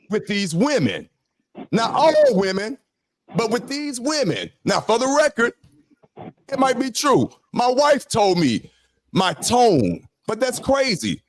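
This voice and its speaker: A man hosting a podcast panel, talking emphatically and firing off rhetorical questions. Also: extremely high pitch. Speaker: podcast host. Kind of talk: casual panel talk.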